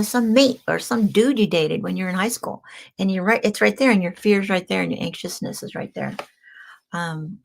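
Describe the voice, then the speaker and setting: A woman's voice: lowish voice, creaky, fairly bright tone. A woman hosting a crystal healing show, talking in a rambling, chatty way and laughing often. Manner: frequent ums and restarts. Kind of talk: casual live-stream talk.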